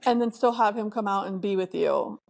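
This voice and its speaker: A woman's voice: mid-range voice, a little fast, vocal fry, a little mellow. A woman co-hosting a casual podcast chat about reality TV, opinionated and emphatic, laughing often. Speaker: podcast co-host.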